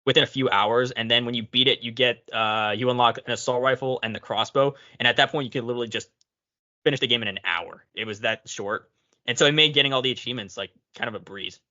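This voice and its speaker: A man chatting as a podcast guest, relaxed and chuckling about old games. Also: mid-range voice, fast. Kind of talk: casual chat. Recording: dull lo-fi audio.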